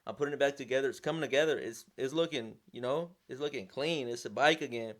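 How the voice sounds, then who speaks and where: A young man recounts a story in a loose, casual way. His speech is slangy and animated, full of restarts and repeated words. His voice sits at an ordinary middle pitch. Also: fast talker, heavy background noise. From Southern California. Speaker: vlogger, sponsored motorcycle rider.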